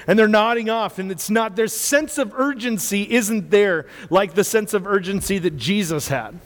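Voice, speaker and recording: A man's voice: high-pitched, normal speed, hardly any pauses, long reverb tail. A man preaching a sermon in a conversational way, often stumbling over repeated words and checking in with his listeners. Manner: conversational, repeats words and asks the audience "right?".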